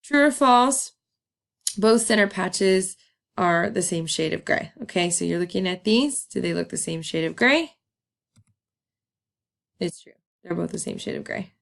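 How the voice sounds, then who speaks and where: Upbeat woman teacher recording a video lesson; a little gravelly, casual and chatty. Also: fairly low pitch, expressive, a little slow, long pauses. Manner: chatty, upbeat, laughs and says um often.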